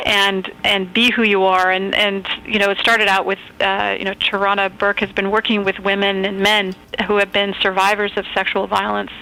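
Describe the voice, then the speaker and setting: A woman author calling in to a radio interview, speaking in a thoughtful, measured, earnest way. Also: mid-range voice, bright, forceful tone, rough recording. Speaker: author and phone-in guest. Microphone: phone call.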